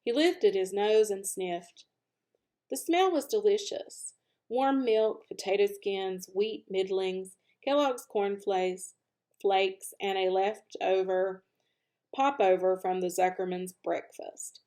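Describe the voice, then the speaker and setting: A woman's voice: mid-range voice, takes it slowly. Woman reading a children's book aloud. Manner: expressive, animated narration, speeds up at lively moments. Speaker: children's story reader. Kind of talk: storybook read-aloud.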